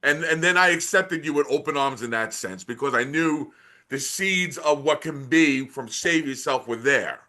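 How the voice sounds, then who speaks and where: Enthusiastic man host, bright voice. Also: fairly high pitch, moderate pace. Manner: enthusiastic fan, swears casually. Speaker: podcast host. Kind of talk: casual interview chat.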